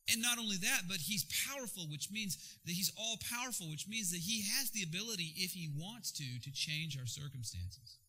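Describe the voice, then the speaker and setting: A man preaching a sermon in an animated, jokey way with sudden bursts of energy. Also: sits high, rough recording. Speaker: pastor.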